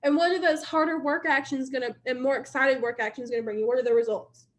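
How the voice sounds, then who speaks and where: A woman's voice: high-pitched, steady tone, fast talker. A young woman leading her sales team in a casual motivational live stream, chatty and repetitive, talking straight to her viewers.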